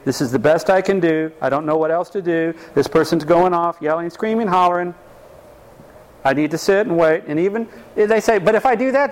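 Animated man lecturing a class. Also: on the high side, low-quality recording. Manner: animated, emphatic teaching with rhetorical questions. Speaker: relationship class teacher.

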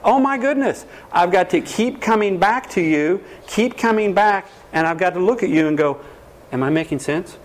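A lively man lecturing as a counselor on a fairly high voice. He keeps turning questions on his audience and slips into voices of the people he quotes. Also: normal speed, hardly any pauses. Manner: animated, acts out quoted voices, quizzes the audience.

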